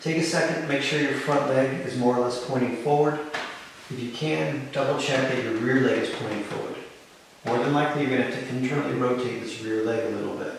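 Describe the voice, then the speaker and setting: A man leads a yoga class with calm, encouraging step-by-step cues. His mid-range voice rings around a very reverberant studio. He sits well back from the mic, with a faint hiss underneath. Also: mid-range voice, a little fast, recorded from a distance. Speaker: yoga instructor. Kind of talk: live yoga class instruction.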